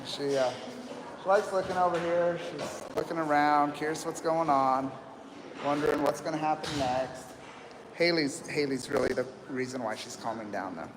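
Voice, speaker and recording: A man hosting a live stream at a horse rescue, talking calmly and rambling with many fillers, recorded outdoors among people. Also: fairly high pitch, moderate pace, big-room sound, background noise. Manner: calm, rambling, soft-spoken with fillers. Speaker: livestream host at horse rescue. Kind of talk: live commentary.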